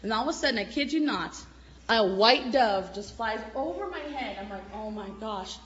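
A middle-aged woman giving an emotional church testimony, at times tearful, swinging between loud exclamations and soft murmurs. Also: fairly high pitch, animated, moderate pace, highs cut off.

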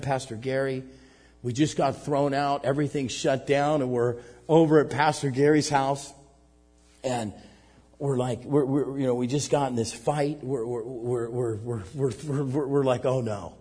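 A middle-aged man, a pastor and missionary, preaching a sermon and telling a personal story, stumbling over repeated restarts and swinging between loud outbursts and hushed asides. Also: mid-range voice, slightly rough. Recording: long hall reverb.

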